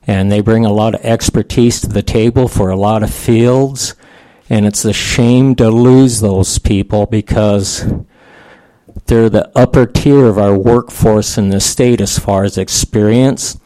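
Older man in his sixties, folksy veterans' advocate testifying, unhurried delivery, mellow dry sound. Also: lowish voice, fairly even intonation, dry recording. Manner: folksy, plain-spoken. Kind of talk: committee hearing testimony.

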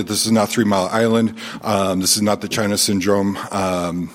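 Union rep, male, deeper voice, halting formal testimony. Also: steady tone. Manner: halting, many fillers and restarts. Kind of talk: public testimony at a hearing. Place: legislative hearing room.

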